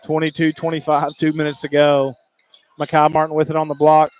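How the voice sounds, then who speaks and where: A man calling high school basketball play-by-play, rapid and excitable, climbing higher on big plays. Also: a little hiss or hum. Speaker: play-by-play announcer.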